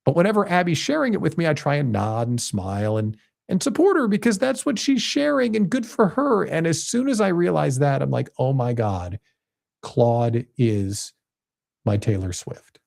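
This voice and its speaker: A man in his fifties hosting a podcast, telling a personal story in a casual, animated way and jumping higher in pitch when he gets excited. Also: brisk, vocal fry. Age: 50s. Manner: animated storytelling, jumps high when quoting himself excitedly. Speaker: podcast host. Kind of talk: casual monologue.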